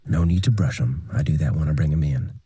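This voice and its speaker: An actor playing a laconic cowboy ranch hand in a game, with a Texan accent and a low, murmuring drawl. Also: male voice, fast talker, warm tone, breathy edge, no room sound, exaggerated voice. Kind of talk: game character dialogue.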